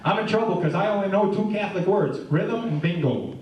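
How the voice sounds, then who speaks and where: In a lo-fi recording of a live show, a middle-aged man does a stand-up routine full of audience banter. He talks fairly quickly in a high, animated voice, sounding distant in an echoey room.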